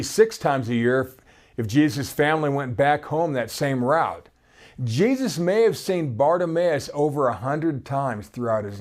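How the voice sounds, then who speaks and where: A man's voice: mid-range voice, darkish tone. A man giving conversational, storytelling Bible teaching and reading scripture aloud.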